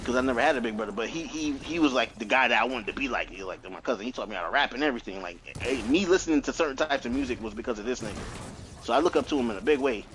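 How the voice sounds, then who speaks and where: A man in his thirties on a podcast, telling family stories in an animated, profane way with lots of laughs. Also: medium pitch, racing, a little hiss or hum, rough recording. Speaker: podcast co-host. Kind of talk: casual chat.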